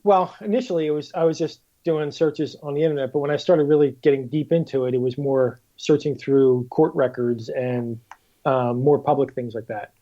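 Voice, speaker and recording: A man's voice: medium pitch, moderate pace, muffled recording. A man guest on a casual podcast, telling stories animatedly and acting out quotes. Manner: animated storyteller, acts out quotes with swearing. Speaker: guest author.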